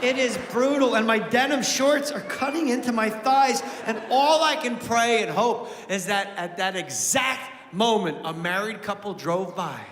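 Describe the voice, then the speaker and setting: A high-voiced male comedian tells a story in a slow, drawn-out way. The room around him is very roomy, with a long hall reverb. Faint noise sits underneath. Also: a bit bright. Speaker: stand-up comedian. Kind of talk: stand-up storytelling.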